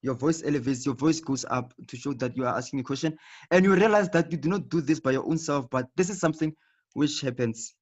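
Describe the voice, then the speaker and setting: A man's voice: medium pitch, fast. A man teaching a live online lesson, explaining patiently and repeating himself, often checking in with "okay". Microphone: video call. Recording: dull lo-fi online audio.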